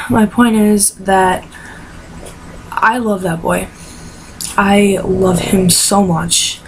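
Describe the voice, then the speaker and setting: Tearful young woman with a gravelly voice. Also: medium pitch, very slow, long pauses. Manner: tearful, rambling storytelling. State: crying. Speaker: vlogger. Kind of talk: emotional personal vlog. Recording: noisy home recording.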